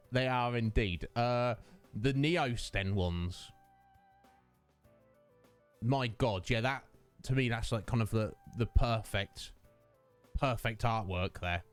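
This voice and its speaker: A man's voice: mid-range voice, slow, long pauses, clean tone, faint music behind. A man, chatting casually with his livestream viewers, greeting them by name and laughing often. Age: 30s. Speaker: streamer.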